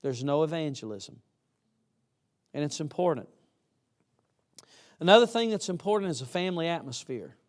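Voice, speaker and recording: Casting: man, preacher, folksy and emphatic, slightly higher voice. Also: animated, normal speed, pauses often. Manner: folksy, emphatic, acts out quoted students. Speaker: college preacher. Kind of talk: chapel sermon.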